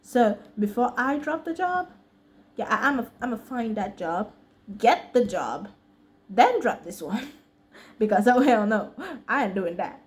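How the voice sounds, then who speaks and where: A woman's voice: on the high side, big pitch swings, unhurried. A woman with an American accent telling a casual, slangy storytime vlog story and laughing often between sentences. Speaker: vlogger.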